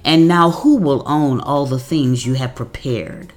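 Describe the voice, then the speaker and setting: A woman giving a devotional message, reading scripture verses slowly and deliberately. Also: very deep voice, soft background music. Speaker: devotional speaker.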